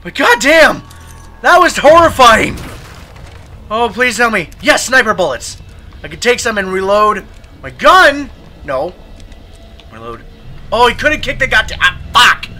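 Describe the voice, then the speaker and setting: A young man playing a horror game, his voice very high and piercing, hoarse from all the screaming. He yelps and curses at every scare, then mutters to himself. Faint game music hums under him. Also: very animated, measured pace, long pauses, pushed and bright. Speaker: gaming video host.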